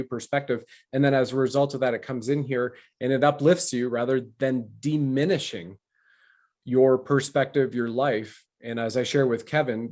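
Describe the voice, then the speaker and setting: A man's voice: mid-range voice, darkish tone. Emphatic, preachy male show host. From Canada. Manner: preachy, emphatic, lectures with wordplay. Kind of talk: casual interview talk.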